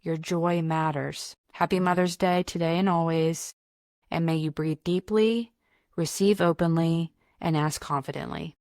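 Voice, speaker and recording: A woman with a fairly low voice leads a guided meditation and gentle affirmations as a therapist and podcast host. She speaks slowly and reassuringly and repeats her phrases. The sound is close and dry, with no room echo. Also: steady tone. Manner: slow, gentle, reassuring repetition.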